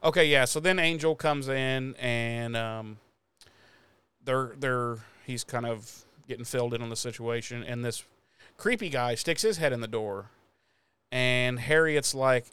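A man's voice: medium pitch, slow, a bit bright, clean tone, no echo. A man co-hosting a podcast, recapping an episode in casual chat, laughing often and swearing while acting out the characters' lines. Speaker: podcast co-host.

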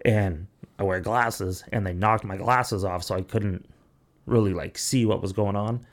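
A man's voice: on the low side, steady tone, measured pace. A young man hosting a podcast, telling a long story casually with lots of swearing and "like" fillers. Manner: rambling, profane, acts out quoted voices. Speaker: podcast host.

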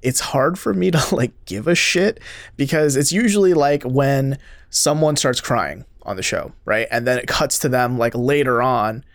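A man's voice: medium pitch, normal speed, no echo, clean studio sound. A man in casual podcast chat, talking bluntly and swearing offhandedly.

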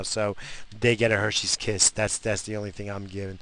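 A man's voice: lowish voice, little pitch movement, moderate pace, a bit bright. A man alone at the mic, worn out and rambling, swearing freely as he gripes through his podcast. His talk is loose and mock-grumpy, moving from one complaint to the next. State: tired. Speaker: podcast host. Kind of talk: casual solo podcast rant.

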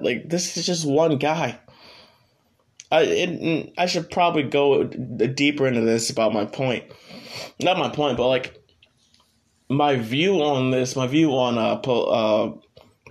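A young man hosting his own podcast, ranting casually in a blunt, profane, rambling way. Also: mid-range voice. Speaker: podcast host. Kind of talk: casual solo podcast rant.

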